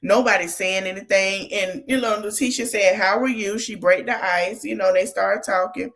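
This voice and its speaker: A woman hosting a podcast, retelling a reality TV episode in a chatty, animated way with sassy asides. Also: mid-range voice, normal speed. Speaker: podcast host. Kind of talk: casual reality TV recap.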